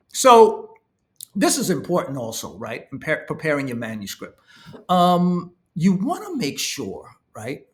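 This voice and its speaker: A man with a somewhat high-pitched voice talks to camera in an easy, conversational way. He speaks as an author sharing his own experience, stressing his points with real enthusiasm and tossing in "right?" after nearly every thought. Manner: conversational, peppered with "right?" and "you know"; enthusiastic, animated emphasis. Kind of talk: casual talk to camera.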